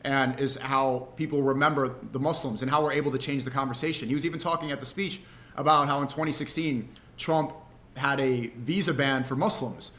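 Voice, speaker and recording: A man streaming, telling a story in a casual, animated, rambling way with frequent restarts. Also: mid-range voice.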